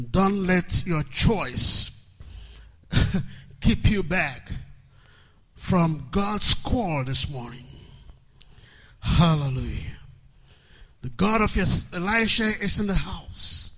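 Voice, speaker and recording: A man preaching a sermon, calling people forward and building to loud, emphatic, repeated refrains. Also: on the high side, slightly rough.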